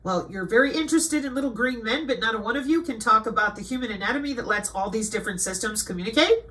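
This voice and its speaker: Bright-voiced woman reading out a list. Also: a little high, animated, fast, rough recording. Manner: indignant, lecturing the listener. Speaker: online commentator. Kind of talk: casual monologue reading from a web page.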